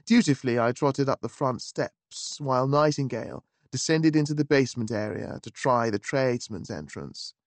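A man narrating a story in a wry, lively, genteel manner. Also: mid-range voice, moderate pace, hardly any pauses, no room sound. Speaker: audiobook narrator. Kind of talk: scripted narration.

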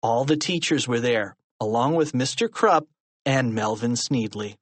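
A man narrating a children's storybook in an animated reading style. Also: mid-range voice, a little slow. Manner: animated reading with lively character voices. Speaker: audiobook narrator. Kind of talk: scripted narration.

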